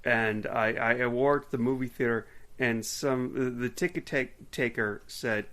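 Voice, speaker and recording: A man's voice: medium pitch, normal speed, fairly bright tone. A man in his forties co-hosting a podcast, chatting casually and rambling with lots of ums and laughter. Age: 40s. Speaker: podcast co-host. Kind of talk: casual chat.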